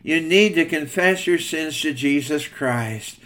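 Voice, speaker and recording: A man's voice: a little high, unhurried, a bit bright. An older man preaching a sermon in a folksy, earnest storytelling manner.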